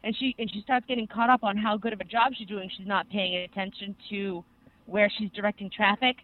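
A young adult co-host excitedly rambling through an anime recap in casual podcast chat, full of fillers. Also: mid-range voice, brisk, no echo. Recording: tinny phone-like sound.

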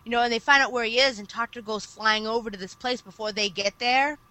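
A woman co-hosting a relaxed podcast chat, walking through a long story with lively, animated delivery. Her voice has a bright, forceful edge. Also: fairly high pitch, fast talker, no room sound, low-quality recording. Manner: animated storytelling, recounting anime plot at length. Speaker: podcast co-host. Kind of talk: casual chat.

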